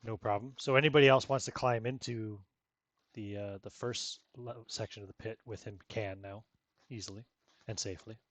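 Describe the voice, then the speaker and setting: A man's voice: on the low side, fairly even intonation, moderate pace, fairly bright tone, no room sound. Laid-back male game master, dry sound. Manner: casual, laid-back, laughs often. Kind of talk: running a tabletop game.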